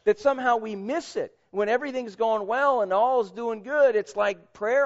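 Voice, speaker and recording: A middle-aged man preaching a sermon as pastor. His delivery is animated, swinging from loud emphasis to quiet, reflective passages. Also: sits high, moderate pace, creaky, few pauses. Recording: dull audio in a reverberant hall.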